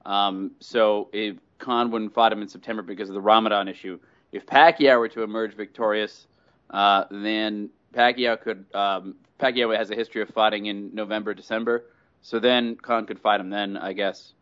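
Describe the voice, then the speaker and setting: A man co-hosts a chat show, working through an argument step by step in a measured way. His voice sits on the low side. The audio is dull and lo-fi. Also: fairly even intonation, fairly bright tone. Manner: measured, reasoning aloud. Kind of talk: casual chat.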